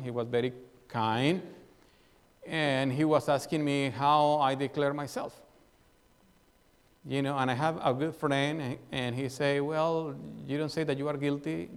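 A man's voice: mid-range voice, clean tone. A male pastor preaching a sermon, telling a personal story and asking the congregation questions with a repeated "right?". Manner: asks the congregation questions and tags lines with "right?"; tells a personal story as an illustration. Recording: long reverb of a hall.

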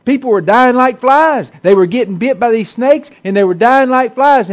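A man's voice: very high voice, normal speed, hardly any pauses. A man preaching a sermon to a congregation in a folksy, conversational way, repeating himself and restarting often. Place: church hall with a congregation.

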